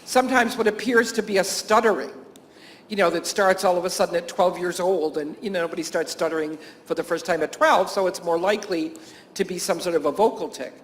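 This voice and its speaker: A high-pitched man speaking at a professional symposium. He tells classroom and camp stories in a loose, anecdotal way, chuckling often and restarting his sentences. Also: fairly quick. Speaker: teacher and camp staff speaker. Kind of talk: conference talk to health professionals.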